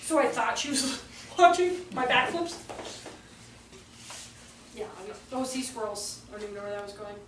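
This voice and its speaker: A woman's voice: a little high, lively intonation, moderate pace, pauses often, a bit bright, a little hiss or hum. A woman presenting a live workshop for teachers, telling chatty stories and acting out quotes in voices, recorded in a room with an audience. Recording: echoey room, distant mic, faint ambience.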